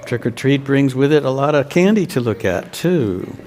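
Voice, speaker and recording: A man, a pastor, telling a children's sermon as a slow story and asking the children questions. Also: medium pitch, lively intonation, a little mellow. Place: church. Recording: long church reverb.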